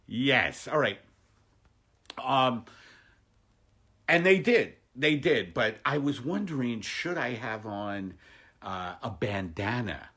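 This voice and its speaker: A man's voice: medium pitch, lively intonation, takes it slowly, pauses often, bright, forceful tone, breathy edge. A male comedian rambling through a casual livestream from home, self-mocking and jokey. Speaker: stand-up comedian hosting a livestream. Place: home, during lockdown.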